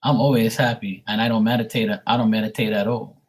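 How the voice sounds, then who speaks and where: A man's voice: fairly low pitch, fairly even intonation, fast. A man who reads tarot on a live stream, ranting bluntly and profanely to his viewers. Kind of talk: casual rant to viewers.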